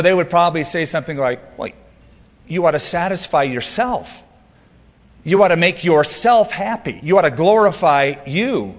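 A man's voice: on the high side, long reverb tail. A man preaching a sermon as pastor, earnest and emphatic, with light humorous asides.

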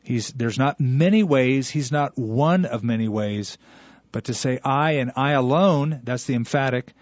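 A man's voice: mid-range voice, measured pace, a little mellow, no room sound, highs cut off. A man teaching as a radio Bible host, explaining a verse to a caller in an earnest, lecturing way.

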